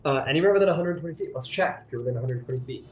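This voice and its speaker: A man's voice: fairly high pitch, expressive, rapid-fire. A man narrating a tabletop game as game master, in a loose, rambling way with lots of fillers. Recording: roomy sound with faint music.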